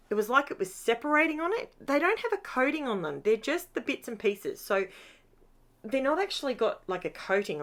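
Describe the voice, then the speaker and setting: Middle-aged woman, craft vlogger, chatty and upbeat but tired, mid pitch. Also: a bit bright. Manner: chatty, upbeat, rambling asides. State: tired at the end of a long day. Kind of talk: casual voice-over narration of a scrapbooking process.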